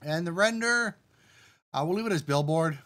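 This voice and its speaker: A man streaming live as a game developer, relaxed and thinking aloud as he talks himself through settings step by step and turns now and then to answer his chat. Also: on the high side, moderate pace. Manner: addresses the chat directly.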